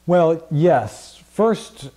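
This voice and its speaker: A man's voice: fairly high pitch, animated, extremely slow, warm tone. A man teaching a Bible study group in a casual, conversational way, with many fillers and frequent questions to the class.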